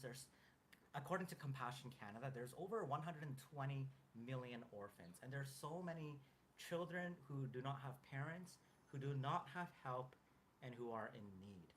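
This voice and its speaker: Earnest man talking in halting restarts. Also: medium pitch, lively intonation, slight background noise. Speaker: co-host. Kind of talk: casual chat.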